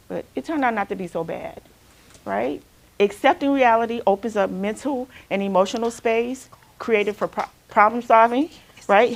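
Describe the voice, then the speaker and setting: A woman from Alabama, a counselor leading a group workshop in a casual way and checking in with "right?" again and again. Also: a little high. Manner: conversational, keeps asking "right?". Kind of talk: workshop talk with group sharing.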